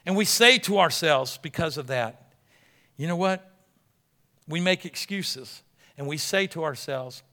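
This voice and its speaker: A male pastor delivering a sermon in a high, bright voice. He acts out scenes with quiet, whispered characters and swings back into loud, emphatic preaching. His delivery is dramatic and full of contrast. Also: normal speed.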